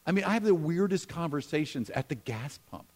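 A middle-aged man preaching a sermon in a conversational way, with humorous asides, moving between emphatic lines and hushed ones. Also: a little high, lively intonation, a little fast. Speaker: pastor.

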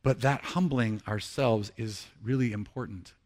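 A middle-aged pastor preaches a sermon in a lowish voice, earnest throughout. He climbs to emphatic peaks, then sinks into hushed, slow confessions.

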